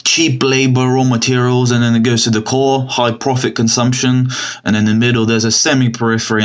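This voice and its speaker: A man rambling through casual commentary with many fillers and restarts, his pitch jumping up when something catches his interest. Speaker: vlogger. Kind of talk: casual commentary with screen sharing.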